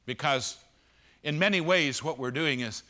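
In a conference auditorium, a man preaches a sermon at a measured pace, swinging between loud, emphatic peaks and hushed, low passages.

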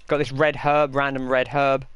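A man's voice: mid-range voice, little pitch movement, normal speed, a bit bright, clean tone, no room sound, dull audio. A young man giving casual, rambling commentary while he plays a game and answers viewers' chat. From England. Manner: chatty, rambling, reads chat aloud. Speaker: gaming streamer.

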